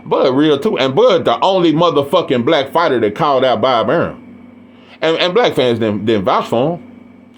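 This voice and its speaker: A man's voice: medium pitch, animated, normal speed. A man with an East Texas Southern accent, ranting bluntly and profanely about boxing and repeating his points. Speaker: boxing commentator. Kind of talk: ranting monologue.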